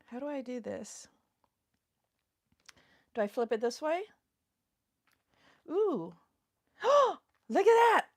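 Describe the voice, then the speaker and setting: A woman chatting on her own livestream, voice pitched a little high and swooping up and down. She is jittery and laughs often, trailing off into whispers as she talks to herself. Her pace is slow and meandering. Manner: giggly and nervous, whispers to herself. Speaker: livestream host. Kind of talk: casual livestream chat. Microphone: phone mic.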